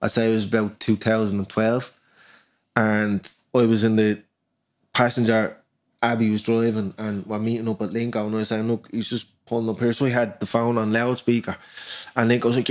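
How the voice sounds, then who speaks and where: A man's voice: on the low side, flat delivery, normal speed. A man with a Dublin accent, a rapper guest on a podcast, chatting casually and telling stories animatedly, swearing freely. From Ireland.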